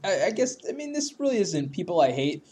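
A man's voice: high-pitched, very animated, fairly quick, darkish tone, slight background noise. A man chatting casually as podcast co-host, ranting profanely and laughing often. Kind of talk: casual chat.

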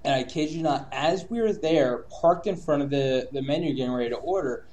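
A man with a fairly high voice rants through a casual chat, swearing freely. He tells his stories with plenty of laughter. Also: fairly quick, darkish tone. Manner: profane, ranting storyteller, laughs often.

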